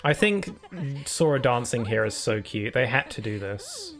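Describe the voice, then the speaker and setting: A man's voice: mid-range voice, huge pitch swings, normal speed, fairly bright tone, soft background music. British male game streamer with a mid-range voice and an easy, chatty, laugh-prone delivery. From United Kingdom. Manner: chatty, laughs often, reads chat and on-screen text aloud. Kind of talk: casual gameplay chat.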